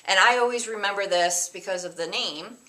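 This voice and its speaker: Speaking in a mid-range, sharp voice at a brisk clip, a female teacher walks her students through a recorded math lesson. Her manner is casual and talkative, and she breaks into sing-song memory tricks and playful character voices.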